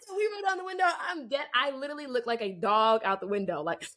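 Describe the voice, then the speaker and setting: A woman's voice: a little high, quick pace. A young adult woman co-hosting a podcast, telling a story in casual chat, acting out the dialogue and filling it with "like". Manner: animated, acts out quoted dialogue, many "like" fillers. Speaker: podcast co-host.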